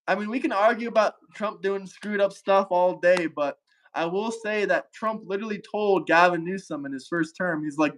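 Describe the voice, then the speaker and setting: Young man, high-pitched voice, casual livestream host, rambling, lots of fillers. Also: moderate pace, a bit bright. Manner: rambling, filler-heavy, searches for words. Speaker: travel streamer host. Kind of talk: casual political debate on a livestream.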